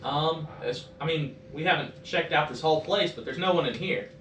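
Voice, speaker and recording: A man's voice: a little high, moderate pace, fairly bright tone, far from the mic. Hesitant man playing a tabletop game. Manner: hesitant, filler-laden speech. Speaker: player. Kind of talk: casual tabletop play. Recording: roomy echo, away from the mic, faint noise.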